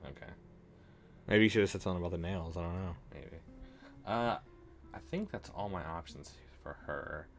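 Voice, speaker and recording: A man's voice: low-pitched, moderate pace, long pauses, faint music behind. A man streaming a video game, thinking aloud in a hesitant way. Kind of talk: live game commentary.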